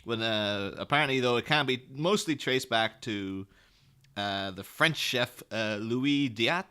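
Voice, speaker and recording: A man co-hosting a podcast, telling stories in a rambling, animated way with lots of fillers. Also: medium pitch, a little slow, smooth. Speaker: podcast co-host. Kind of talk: casual chat.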